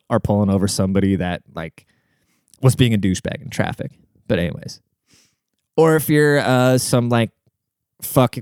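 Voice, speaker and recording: In a dry, studio-quality recording, a young Washington State man with a lowish, darkish voice rambles through a story conversationally. He swears a lot and keeps checking in with whoever's listening.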